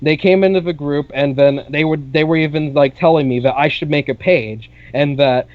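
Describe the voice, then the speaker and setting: Young man, podcast co-host, slightly high voice, rambling casual storytelling, dull lo-fi audio. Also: normal speed, dry recording. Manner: rambling, with many "like" fillers and casual swearing.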